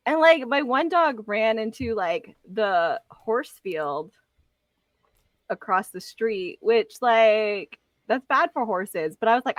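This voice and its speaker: Animated, profane woman podcaster. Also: fairly high pitch, takes it slowly, dry recording, lo-fi sound. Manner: laughing, profane, animated storytelling. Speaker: podcast co-host. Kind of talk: casual chat.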